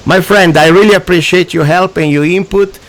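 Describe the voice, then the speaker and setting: A man's voice: sits high, steady tone, brisk, a bit bright. A man with an Italian accent hosting a radio talk show, ranting emphatically in broken English. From Italy.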